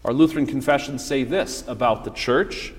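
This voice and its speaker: Preaching man in a reverberant church. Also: mid-range voice. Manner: measured preaching with rhetorical questions. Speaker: pastor. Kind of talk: sermon.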